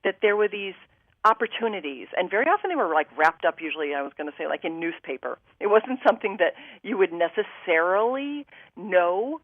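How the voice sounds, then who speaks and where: A woman's voice: on the low side, lively intonation, a little fast, no echo, narrow, tinny audio. A woman guest telling a personal story on a talk show, acting out her own thoughts and what others said to her.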